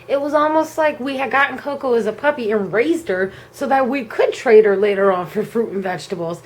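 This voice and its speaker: A young woman vlogger at home, telling a personal story in a casual, animated way. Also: on the high side, normal speed, low-quality recording. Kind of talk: storytime vlog. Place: home at night.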